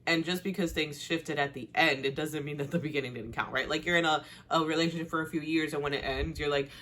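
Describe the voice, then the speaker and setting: A woman hosting a casual TV recap, chatty and animated, blunt and slangy, laughing often. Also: fast talker. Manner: chatty and animated, with big pitch swings and frequent laughs. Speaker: host.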